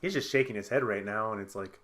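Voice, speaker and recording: Man, tabletop player, casual joking chat, bright forceful tone. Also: on the low side, fast talker. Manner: joking, acts out his character's shouts.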